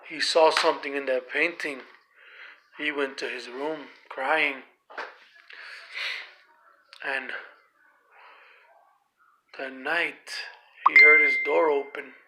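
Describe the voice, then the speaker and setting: A man telling a spooky story slowly and dramatically, with shifting loudness. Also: a little high, fairly even intonation, slight background noise.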